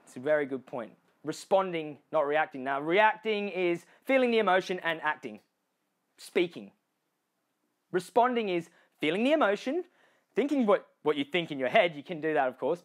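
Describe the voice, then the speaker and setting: Animated Australian man giving a speech. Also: high-pitched. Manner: animated, addresses the audience directly with frequent "okay?" and "you know"; acts out other people's lines in changed voices. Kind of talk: motivational live speech.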